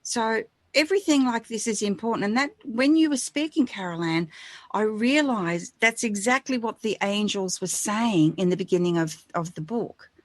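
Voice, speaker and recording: A woman co-hosting a spiritual radio show, speaking softly and reassuringly. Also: mid-range voice, normal speed, no room sound. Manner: soft-spoken and reassuring. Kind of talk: gentle spiritual encouragement.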